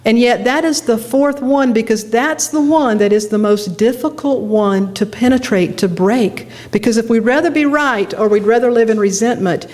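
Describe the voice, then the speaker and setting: A middle-aged woman minister preaches a sermon, telling a personal story with animated delivery and laughing at herself. Her pitch sits fairly high.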